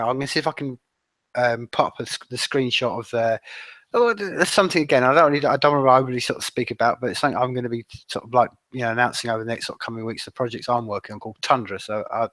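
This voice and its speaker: A man's voice: medium pitch, dry recording. A man hosting an interview, chatting in a rambling way and calling his guests "man". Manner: warm, rambling, says man a lot. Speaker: interviewer, host. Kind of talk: casual interview chat.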